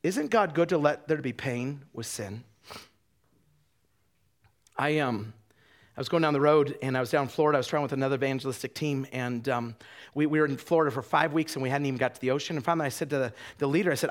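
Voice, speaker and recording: A man's voice: high voice, animated, fast talker, a bit bright. A man preaching a sermon, telling personal stories and asking the congregation rhetorical questions, often repeating words as he starts a sentence.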